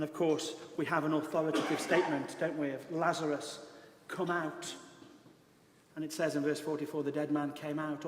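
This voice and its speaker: A British man preaching a sermon as pastor, telling a story in an earnest, emphatic way. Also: fairly high pitch. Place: large church hall. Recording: echoey church hall.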